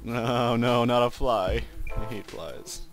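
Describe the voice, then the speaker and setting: A man doing let's play gaming commentary, excitable and swearing often, yelping when he fails. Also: mid-range voice, slow pace, soft background music. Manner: excitable, swears a lot, yelps at failures.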